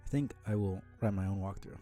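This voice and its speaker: A man voicing a wordy, aloof teenage girl who speaks in a dry, condescending way, in a low, mellow voice. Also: fast talker, faint music behind, natural voice. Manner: wordy, dry, mildly sardonic.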